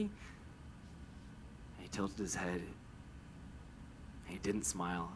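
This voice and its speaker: A man's voice: deep voice, little pitch movement, drawn-out words, pauses often, noisy background. A man telling a personal story with a lot of stammering repetition, retelling it with emotion.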